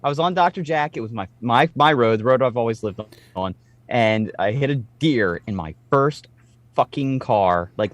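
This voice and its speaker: Animated, swearing man telling stories. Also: mid-range voice, no echo. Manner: animated storyteller, swears freely. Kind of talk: casual chat.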